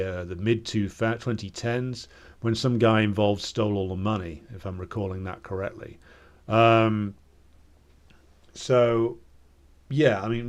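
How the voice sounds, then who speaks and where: A man in casual political discussion, talking hesitantly with many fillers and restarts. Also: lowish voice.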